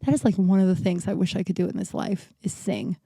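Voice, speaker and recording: A woman's voice: medium pitch, fairly even intonation, quick pace, vocal fry, warm tone, slightly rough, dry recording. Casting note: candid woman in her thirties, still unwell and short of breath, chatty solo podcast with a dry, close sound. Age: 30s. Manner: rambling, frank, with many likes and restarts. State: recovering from illness, short of breath. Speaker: podcast host. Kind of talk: casual solo podcast monologue. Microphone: new podcast mic.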